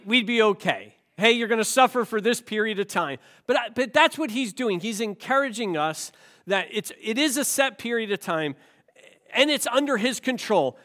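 A man's voice: high-pitched, a bit bright. A male pastor with a cold, preaching a sermon with rhetorical questions and self-deprecating jokes. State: has a cold.

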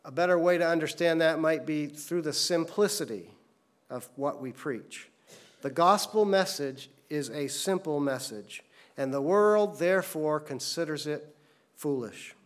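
A man's voice: a little high, unhurried. A man preaching a sermon to his congregation, telling stories in an earnest way. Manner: earnest storytelling preacher, voices characters in anecdotes. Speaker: pastor.

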